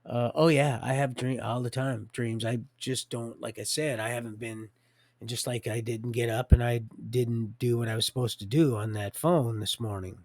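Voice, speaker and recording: Gravelly guy rambling on a stream, lots of restarts, talks about god and dreams. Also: medium pitch, fairly even intonation, moderate pace, no room sound. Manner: rambling, restarts often, religious talk. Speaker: livestreamer. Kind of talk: rambling personal monologue.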